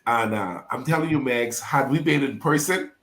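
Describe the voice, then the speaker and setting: A man who is a pastor, telling a painful personal story as a podcast guest in an animated, preacher-like way. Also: mid-range voice, moderate pace, echoey room. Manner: animated, preacher-like, acts out quoted voices.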